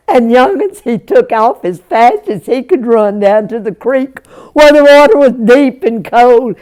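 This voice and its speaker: A woman's voice: a little high, lively intonation, unhurried, dark tone. A woman telling a Jack tale as a folk storyteller, folksy and chuckling, speaking straight to her young listeners.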